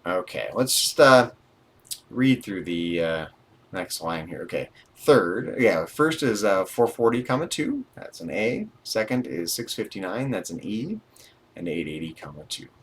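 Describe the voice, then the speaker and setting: Low-voiced man teaching live coding. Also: very animated, unhurried, fairly bright tone, breathy edge. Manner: reads book passages, then dictates numbers while typing; dry asides and thinking aloud. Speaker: instructor working through a programming book. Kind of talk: live-streamed coding lesson, reading aloud and typing. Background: keyboard typing.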